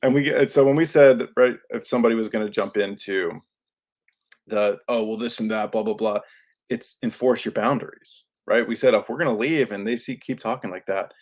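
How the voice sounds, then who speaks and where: A man's voice: mid-range voice, brisk. A man hosting a podcast, talking earnestly in a casual, coaching way into a microphone, with many fillers. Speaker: podcast host. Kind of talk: solo podcast talk. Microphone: studio microphone.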